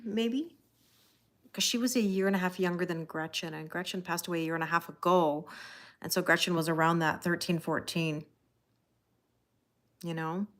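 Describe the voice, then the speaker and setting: A woman's voice: lowish voice, a bit bright. Chatty Canadian woman on a livestream. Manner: chatty and reassuring, talks straight to viewers with frequent "you know?". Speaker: tarot reader hosting a livestream. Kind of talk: casual live chat, reading out viewer comments.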